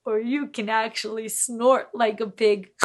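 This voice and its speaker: A woman teaching young children, speaking slowly and in a sing-song way, switching between English and Spanish. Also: fairly high pitch, fairly even intonation. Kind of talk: bilingual kids' lesson.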